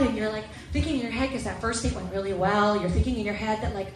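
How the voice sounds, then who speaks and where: A woman's voice: mid-range voice, quick pace, reverberant, far from the mic, background noise. A young woman performing a chatty, self-deprecating stand-up comedy set and acting out the voices she quotes.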